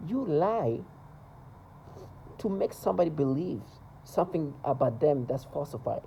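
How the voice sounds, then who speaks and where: Agitated rambling man, mellow voice. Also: on the high side, very animated, measured pace, vocal fry, a little hiss or hum, poor audio. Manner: agitated, repetitive, stumbling restarts. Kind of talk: rambling monologue to camera.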